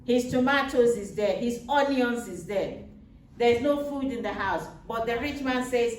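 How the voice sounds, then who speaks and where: A woman's voice: fairly high pitch, a little slow. A woman retelling a Bible story to a child in simple words, patiently repeating her points. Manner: patient, explains with repetition. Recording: roomy, distant mic with faint noise.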